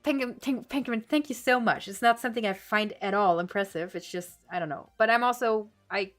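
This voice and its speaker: A woman's voice: medium pitch, brisk, soft background music. A woman, a language-learning streamer, chatting casually on a livestream as she reads and answers viewer comments, laughing often and switching between English and German.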